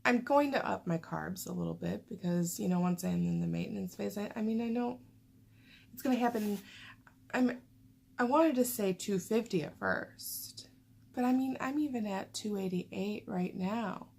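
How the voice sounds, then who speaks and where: A woman's voice: mid-range voice, moderate pace, creaky, a little mellow. A woman vlogger rambling casually to camera in a chatty way, full of fillers.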